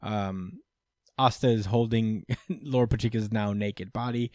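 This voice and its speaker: A man's voice: lowish voice, fairly even intonation, takes it slowly, darkish tone, no echo, clean studio sound. A man hosting a casual podcast, recapping with lots of fillers and acted-out quotes. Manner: rambling recap, many fillers, acts out quotes. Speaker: podcast host.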